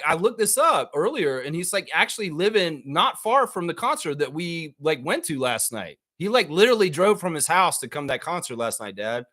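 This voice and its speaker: A man hosting a live sports talk show in a high, bright voice that leaps all over the place. He rambles excitably, swears freely and chats to his viewers in loose slang. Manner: slangy, talks straight to the audience. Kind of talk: casual live sports chat.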